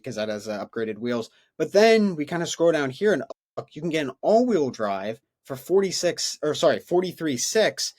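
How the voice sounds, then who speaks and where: Male co-host, easygoing, mid-pitched, asks plenty of questions. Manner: easygoing, asks questions while walking through listings. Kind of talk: casual interview chat.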